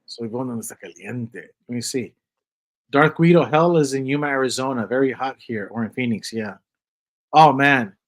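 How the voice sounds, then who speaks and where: A man in his fifties hosting a casual livestream chat, rambling and joking in a loose, animated way. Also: medium pitch, moderate pace, rough recording. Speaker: host.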